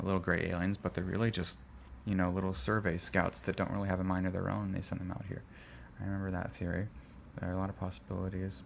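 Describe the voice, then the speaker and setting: A man's voice: deep voice, gravelly, a little hiss or hum. A man appearing as a guest author, thinking aloud in a rambling way. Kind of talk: casual interview.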